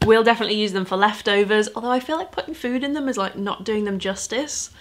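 A woman's voice: medium pitch, quick pace. A woman, chatting casually through a birthday gift haul in a chatty, enthusiastic way with little laughs. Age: 30s. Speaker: vlogger.

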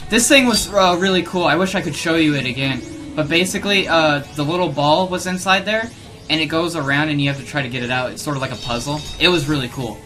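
A young man around twenty recording let's play commentary on a headset, excitable and given to loud, swearing outbursts of frustration. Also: on the high side, fast. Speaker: gaming video host. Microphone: gaming headset. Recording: music playing underneath. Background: background music.

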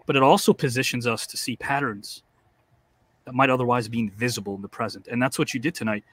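A man hosting a live online show, speaking in a formal, measured, reflective way over a video call. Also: medium pitch, a bit bright. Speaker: host.

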